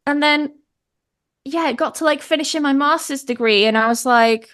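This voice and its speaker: A woman in her thirties with a British English accent speaks at normal speed in a high-pitched voice. As a guest in an informal conversation, this pronunciation teacher tells animated stories, laughs often and imitates what people said.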